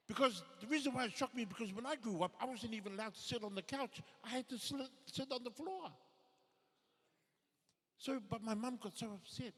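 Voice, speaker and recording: A man telling stand-up comedy stories on a theatre stage, animated, working up to shouted punchlines. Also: very high voice, brisk, slightly rough. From Samoan family. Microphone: stage microphone. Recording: long hall reverb in a theatre.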